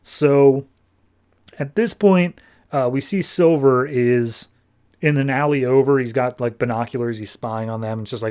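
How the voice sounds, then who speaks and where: A man's voice: medium pitch, moderate pace, a little mellow. A man hosting a podcast, giving a casual, breezy comic book recap full of fillers. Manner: breezy, filler-laden retelling. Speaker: podcast host.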